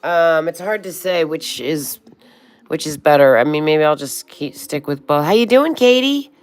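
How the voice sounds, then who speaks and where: A woman in her sixties hosts a relaxed livestream, greeting viewers as honey and sweetheart. Her chat is loose and friendly with the odd swear word. Her voice sits a little low. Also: normal speed. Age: 60s. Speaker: livestream host. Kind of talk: casual livestream chat reading comments.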